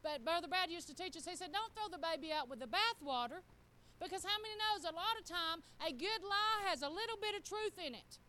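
A middle-aged woman, preaching in an animated, folksy storytelling style. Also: extremely high pitch, brisk. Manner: animated, folksy, acts out quotes. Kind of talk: storytelling sermon.

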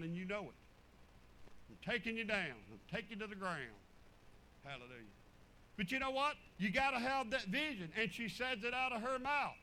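A man preaching, telling folksy stories in an animated, drawling way. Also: high voice, a little hiss or hum, low-quality recording. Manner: animated, drawling storyteller with chuckles. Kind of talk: folksy sermon storytelling.

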